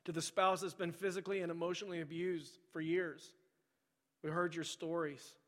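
A man preaching in a big church hall, his voice sitting a little high for a man and trailing off into long reverb. He moves from storytelling into soft, pleading repetition aimed at the congregation. He sounds like a middle-aged pastor. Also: level tone, moderate pace. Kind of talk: sermon. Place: large church sanctuary.

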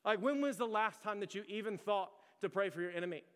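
Earnest high-voiced pastor preaching. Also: male voice, fast talker, a bit bright, in a large hall. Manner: conversational, earnest, leans on "like". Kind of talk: sermon.

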